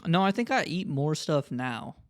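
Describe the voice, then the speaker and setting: A man's voice: a little high, big pitch swings, moderate pace, no echo, studio quality. A young man co-hosting a podcast, chatting loosely, joking and swearing often. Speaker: podcast co-host. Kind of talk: casual chat.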